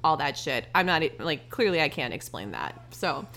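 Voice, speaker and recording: A young adult woman co-hosts a podcast in loose, casual chat. Her voice is bright and forward, and she strings thoughts together with constant "like" fillers and the odd swear word. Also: deep voice, big pitch swings, moderate pace. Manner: chatty, full of "like" fillers, swears freely. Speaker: podcast co-host.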